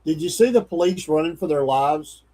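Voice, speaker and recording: Higher-voiced co-host, blunt. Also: male voice, moderate pace, dark tone, low-quality recording. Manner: plain-spoken, opinionated, easygoing. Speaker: radio show co-host. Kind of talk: casual morning show banter.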